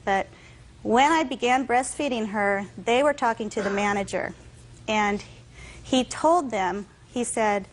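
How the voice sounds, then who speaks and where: A woman's voice: on the high side, rough recording. A young adult woman testifying as a defendant in a courtroom, earnestly recounting events and quoting what others said. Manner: earnest, tells events with quoted dialogue. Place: courtroom set.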